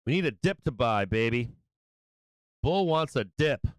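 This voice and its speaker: A man hosting a live stock market stream, giving brash, excitable trader banter as prices move. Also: medium pitch, a little slow, smooth, no echo. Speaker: stock market livestream host.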